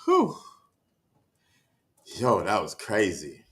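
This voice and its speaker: A man with a lowish voice chats loosely with his live stream audience. He is winded and keeps sighing as he gets his breath back. He stumbles over restarts and keeps checking in with his listeners. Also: lively intonation, normal speed, fairly bright tone. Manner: sighing, stammering restarts, keeps asking "you know what I mean". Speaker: livestreamer reading chat. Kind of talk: casual livestream chat. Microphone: streaming setup mic.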